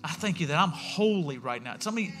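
A man's voice: on the high side, expressive, quick pace, fairly bright tone, soft background music. A man, a pastor giving a sermon in a conversational, storytelling way, acting out the voices he quotes. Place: church sanctuary.

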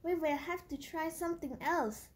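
A woman voicing a cheerful witch in a storybook reading, with a mild, quiet manner. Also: very high voice, normal speed. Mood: plain.

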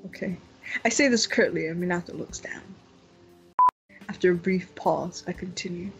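A woman's voice: fairly low pitch, normal speed, vocal fry, faint music behind, rough recording. A woman voicing a cool, curt teenage girl protagonist as she reads a visual novel aloud, in a detached, matter-of-fact way.

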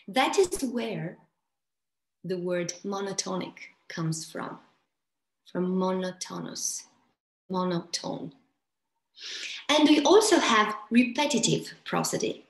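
A woman presenting on voice to an audience of coaches over a video call, in a deliberate and expressive way. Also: a little high. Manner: slow, deliberate and expressive, with playful vocal demonstrations. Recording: roomy echo.

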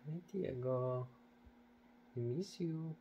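Slow, coaxing man talking to his bird. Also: medium pitch, warm tone, highs cut off, a little hiss or hum. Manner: coaxing baby talk, repetitive questions. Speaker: pet owner. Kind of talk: casual talk to a pet bird.

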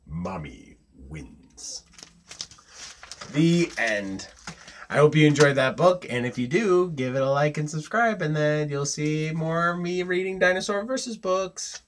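A man reading a children's picture book aloud, an animated, expressive storyteller who hosts his own channel. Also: a little high, moderate pace, few pauses, slight background noise.

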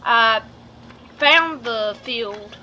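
Slow, rambling woman with hiccups. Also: on the high side, bright, forceful tone, lo-fi sound, a little hiss or hum. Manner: rambling, halting, many fillers and restarts. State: has the hiccups. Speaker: vlogger. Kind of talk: casual vlog narration. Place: outdoors by a truck and trailer.

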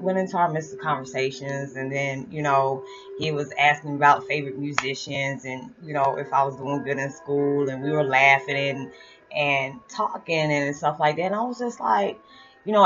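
Middle-aged woman, lowish voice, animated storyteller; dull lo-fi recording with music behind. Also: fairly quick. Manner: animated, chatty, full of "you know" fillers. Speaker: storyteller vlogger. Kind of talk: casual personal storytelling.

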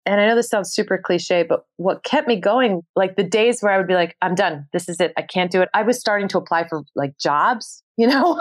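Earnest New woman, lowish voice. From New York City, USA. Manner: emotional and earnest, rising pitch when excited, quick bursts when quoting herself. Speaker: podcast guest, TV host and producer. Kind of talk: candid interview storytelling.

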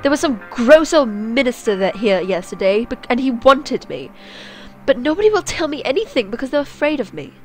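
A woman voicing an upset fifteen-year-old princess who shouts and complains. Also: a little high, big pitch swings, moderate pace, soft background music, voice pushed up. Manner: shouting, whiny. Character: upset teenage princess, moody and tearful.

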